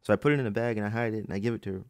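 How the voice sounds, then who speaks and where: A man's voice: lowish voice, very fast, a little mellow, no room sound, clean studio sound. A man hosting a podcast, telling customer stories in a profane, exasperated, rambling way. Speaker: podcast host. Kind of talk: casual storytelling rant.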